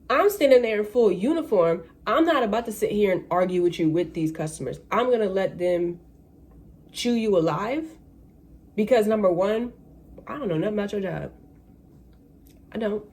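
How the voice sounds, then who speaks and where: A woman, a flight attendant, telling a story in a casual ranting vlog and acting out the people in it. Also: mid-range voice. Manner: animated, acts out voices of people in the story. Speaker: vlogger.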